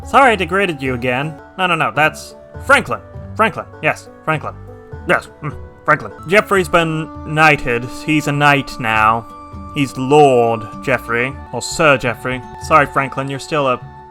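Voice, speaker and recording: A man commenting casually on a strategy game he is playing, mostly reserved and dry, with sudden excited shouts during battles. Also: fairly high pitch, measured pace, faint music behind. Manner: dry, self-described reserved, bursts into excited yelling at battles; talks to his game units by name. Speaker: gameplay commentator.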